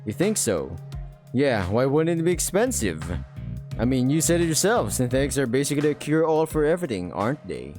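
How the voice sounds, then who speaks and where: An easygoing, cheerful young dragon, as a man reading a game puts him on, reassuring and chatty in a mid-pitched voice. Faint music plays behind him. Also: very animated, a little fast, lightly acted. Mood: upbeat. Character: friendly upbeat young male dragon.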